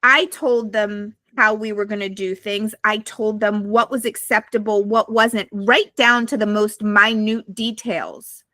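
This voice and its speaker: Blunt, profane woman with a bright voice. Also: medium pitch, fairly even intonation, unhurried, few pauses, no echo. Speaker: podcast guest. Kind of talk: candid storytelling to a live audience. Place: live podcast recording.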